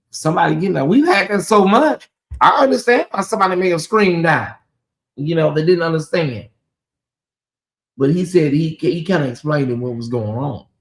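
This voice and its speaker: Chatty Southern man hosting a livestream. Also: a little high. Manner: chatty, talks straight to viewers, reads and answers chat. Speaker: livestream host. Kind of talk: casual livestream commentary.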